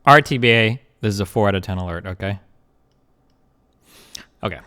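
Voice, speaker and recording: A young man streaming live and commenting on a video, speaking in a quick, profane way full of "like" and "um.". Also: lowish voice, bright, forceful tone. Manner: rapid, profane, many fillers like "like" and "um".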